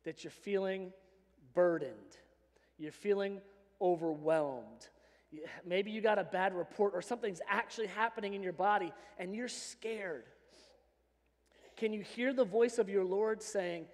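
High-voiced joking pastor in a reverberant hall. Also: male voice, a little slow. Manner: animated, joking, conversational preaching. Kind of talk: sermon. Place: church sanctuary. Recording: long reverb of a church hall.

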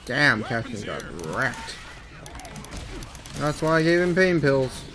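A man giving casual let's-play commentary on his own gameplay, muttering asides and breaking into excited yelps. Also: mid-range voice, slow pace. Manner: running commentary that swings from mumbling to excited yelps. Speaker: gaming video host.

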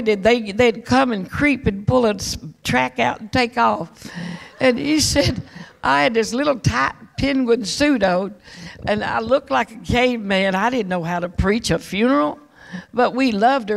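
Gravelly older woman evangelist telling stories. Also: fairly high pitch. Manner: folksy, animated storytelling with chuckles; repeats words and restarts often. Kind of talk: testimony storytelling.

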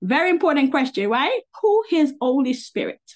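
A woman's voice: high voice, sing-song, moderate pace. A woman preacher delivering an informal livestream sermon, emphatic and fiery, repeating key lines and checking in with her listeners for agreement. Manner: fiery and indignant, with bursts of laughter.

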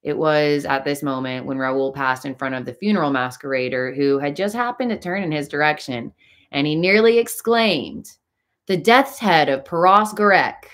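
A woman reading a classic novel aloud as an audiobook, in an expressive, dramatic way. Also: low-pitched, normal speed. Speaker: audiobook narrator.

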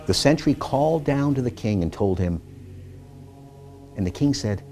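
A man reading scripture aloud, expressive, rising and falling as he voices the quoted speakers. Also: fairly low pitch, normal speed, faint music behind. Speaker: scripture reader.

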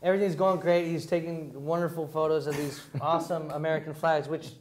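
A man guesting on a talk show tells his story with animated energy and a lot of laughter. His voice sits a bit higher than most men's. He swears freely and talks casually. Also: brisk, a little hiss or hum.

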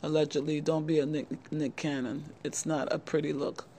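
A middle-aged woman who runs a channel speaks straight to the camera, offering young men earnest, repetitive motivational advice and frequently addressing them as "guys." Her voice is low and mellow, with little pitch movement and a normal speed. There's slight background noise.

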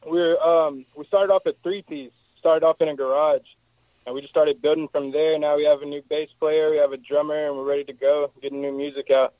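A man from Texas, a band's lead singer, talks easily with a mellow, darker tone pitched a bit higher than most men. The sound is dry and close, with no room around it. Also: flat delivery, fairly quick, dry recording, rough recording. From Texas, USA. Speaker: band lead singer, guest. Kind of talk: casual interview answers.

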